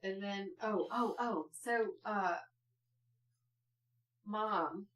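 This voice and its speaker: A woman's voice: drawn-out words, recorded from a distance. A woman co-hosting a podcast, telling family stories in casual chat and laughing as she goes. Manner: laughs through her stories, shifts into shrill excited quotes. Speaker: podcast co-host.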